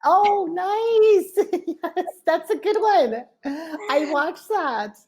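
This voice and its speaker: A woman's voice: extremely high pitch, animated, very slow, darkish tone. An American woman tutoring English on a video call, encouraging and laughing often as she talks. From USA. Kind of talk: casual online lesson chat.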